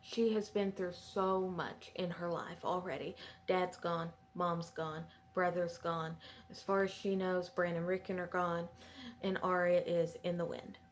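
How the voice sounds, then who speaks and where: A woman's voice: lowish voice, fairly even intonation, unhurried, a little hiss or hum. A woman giving a chatty, digressive recap of a TV episode in a sympathetic tone. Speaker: show recapper.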